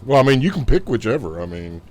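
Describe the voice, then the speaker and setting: A man's voice: mid-range voice, very animated, quick pace. A man narrating as game master of a tabletop game, mixing vivid combat description with casual rules talk.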